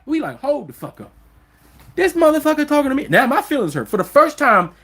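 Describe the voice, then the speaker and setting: A man's voice: high voice, a bit bright. A man with an African American accent hosting a live stream, talking in an emphatic, profane, fired-up monologue. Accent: African American English. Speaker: vlog host.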